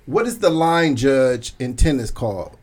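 A man's voice: mid-range voice, sing-song, a little slow. A man hosting a casual trivia game on a podcast, teasing the players. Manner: teasing, loud bursts of laughter. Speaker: podcast host. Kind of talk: casual game-show banter.

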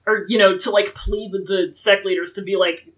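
A woman's voice: mid-range voice, normal speed, poor audio. A woman co-hosting a podcast, recapping a story in casual chat and jumping into quoted lines. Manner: animated, jumps into character quotes. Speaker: podcast co-host.

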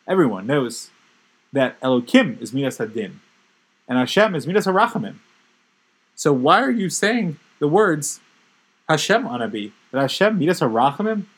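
A man's voice: a little high, very animated, moderate pace, husky, low-quality recording. A man giving a Torah class, telling stories with emphatic, building intensity. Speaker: religious teacher.

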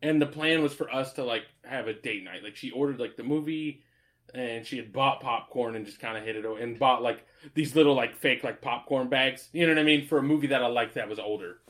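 A man's voice: mid-range voice, a little fast, a bit bright. A man telling stories in casual chat, rambling and swearing freely, laughing often.

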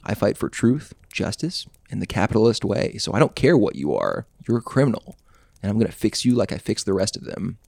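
A man's voice: fairly low pitch, big pitch swings, brisk, creaky, darkish tone, no echo, full character voice. A man voicing a smug, self-righteous male superhero who lectures in a condescending way. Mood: menacing hush. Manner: preachy, condescending.

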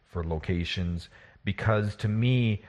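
A man's voice: lowish voice, slow, a little mellow. A man who runs tabletop games, talking in a rambling, casual way, with frequent restarts and laughs as he talks. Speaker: podcast co-host and game master. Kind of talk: casual chat.

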